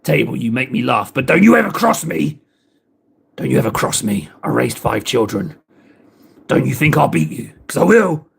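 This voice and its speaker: A man voicing a gruff, quick-tempered grown man who makes teasing threats with a chuckle. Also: medium pitch, big pitch swings, pitched below the performer's own voice, heavily acted. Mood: mock threatening.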